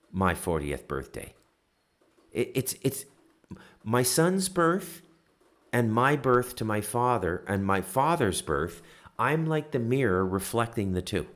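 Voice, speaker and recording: Low-voiced, heated ranting man. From Canada. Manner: heated, profane ranting with sudden loud outbursts; repeats "okay?" to drive points home. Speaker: political commentary host. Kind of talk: ranting solo monologue.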